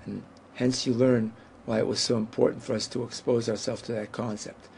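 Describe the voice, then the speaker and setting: A man teaching a Hebrew lesson at a whiteboard, explaining patiently and saying each Hebrew word slowly and carefully. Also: medium pitch, flat delivery, creaky, a little mellow, a little hiss or hum.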